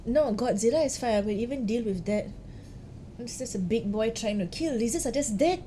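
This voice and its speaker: A young woman with a Singaporean English accent chats on a podcast with a mellow tone and a voice set a little high. She tells her fears in a dramatic, exaggerated way. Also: expressive, a little fast, slight background noise. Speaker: podcast co-host. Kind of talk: casual chat.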